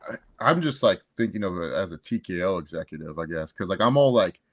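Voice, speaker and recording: A man's voice: deep voice, expressive, quick pace. A man co-hosting a casual wrestling review, rambling and laughing as he acts out quotes. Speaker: co-host.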